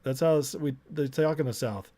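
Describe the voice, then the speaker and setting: A man hosting a casual live stream, talking at an ordinary middle pitch. He rambles and circles back, repeating phrases as he chats straight to his viewers. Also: moderate pace, mellow. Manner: rambling, restarts, repeats himself, chatty with viewers. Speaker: political livestream host. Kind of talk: casual live-stream commentary and closing prayer.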